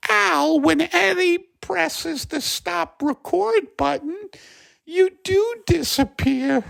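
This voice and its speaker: A hoarse man doing a fretful gravelly housewife. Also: very high voice, slow, dry recording, full character voice. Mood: chiding, chatty. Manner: lively, nagging, talks over her husband. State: hoarse from bronchitis. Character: fretful chatty middle-aged housewife. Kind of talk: comedy sketch character voice.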